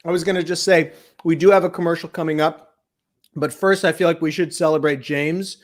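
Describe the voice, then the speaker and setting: Comedy telethon host, man, high voice, rambling deadpan delivery. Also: fairly quick. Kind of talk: improvised comedy banter.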